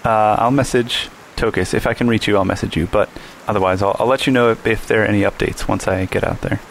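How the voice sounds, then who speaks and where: A man's voice: lowish voice, steady tone, vocal fry, a little hiss or hum. A man playing a tabletop game, easygoing as he plans the party's moves in casual chat. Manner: easygoing, gives quick plans with small restarts. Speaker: player.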